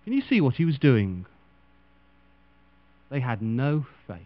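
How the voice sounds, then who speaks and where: A man preaching a sermon dramatically, acting out the people he quotes with big leaps in pitch and loudness. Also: big pitch swings, a little slow. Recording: dull lo-fi recording with mains hum.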